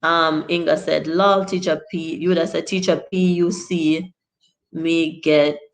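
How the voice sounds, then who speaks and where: A chatty Jamaican woman, a teacher hosting a live stream, gives a casual lesson while reading viewer comments aloud and laughing often. She speaks slowly in a low voice with little pitch movement. The room sounds echoey.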